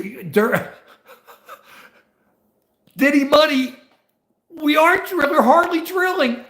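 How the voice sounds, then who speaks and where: An older man in his seventies with a high-pitched voice hosts a casual livestream. He rambles, argues and talks straight to his viewers. The sound is roomy and echoey. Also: a bit bright. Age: 70s. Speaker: livestream host.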